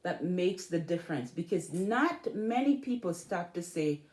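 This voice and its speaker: A woman's voice: fairly low pitch, expressive, a little slow, darkish tone. A woman from Jamaica with a Jamaican accent, talking casually to her viewers in a vlog and repeating words for emphasis. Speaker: vlogger. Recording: echoey room with faint noise.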